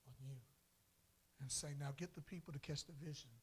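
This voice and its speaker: A man preaching a sermon as pastor in a church, swinging from soft lines to loud, drawn-out calls. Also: on the high side, fairly even intonation, a little hiss or hum. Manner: preaching with sudden loud swells and drawn-out words. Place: church sanctuary.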